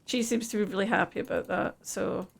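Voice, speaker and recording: A woman's voice: medium pitch, fairly even intonation, fairly quick, vocal fry. A woman streaming a game live, chatting casually, laughing easily and reading the game's text aloud.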